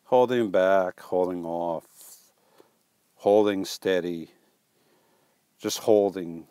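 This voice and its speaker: A man's voice: low voice, a little slow, pauses often, a little mellow, no echo. A man hosting a casual live stream, reading viewer comments aloud and joking back with playful teasing and stumbling restarts.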